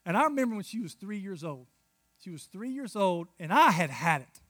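A man in his thirties preaching a sermon, telling stories with big swings from hushed asides to loud outbursts. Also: high-pitched, very animated, brisk, no room sound, clean studio sound. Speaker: pastor.

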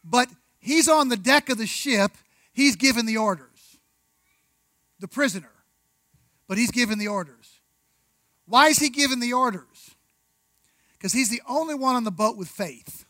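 A man preaching a sermon, conversational, with rhetorical questions, asides and slow, deliberate emphasis on key words. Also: very high voice, animated, bright, forceful tone, no room sound, low-quality recording. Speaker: pastor.

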